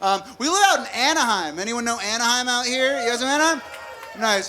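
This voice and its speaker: A man's voice: extremely high pitch, animated. A man in his thirties performing a stand-up comedy set, chatting and joking with a live audience in a venue. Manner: conversational, quick jokes told to a live crowd.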